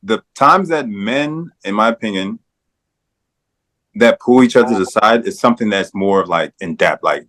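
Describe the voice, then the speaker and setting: A man of middle pitch talking loosely on a podcast. He rambles and hesitates, and drops into quick impressions of his friends. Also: expressive, fairly bright tone. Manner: rambling, hesitant, full of acted-out quotes. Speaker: podcast co-host. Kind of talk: casual chat.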